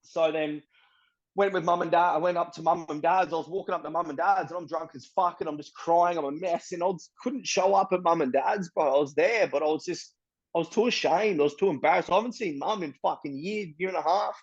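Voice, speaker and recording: Dull audio captures an Australian interviewee whose voice sits on the high side and who speaks briskly. He tells his story plainly and bluntly, swearing a lot and padding his speech with "bro" and "you know what I mean".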